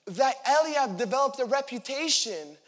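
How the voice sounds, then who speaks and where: Young male preacher, high voice, lively sermon delivery acting out scripture characters. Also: moderate pace. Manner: animated, acts out the figures in quotes.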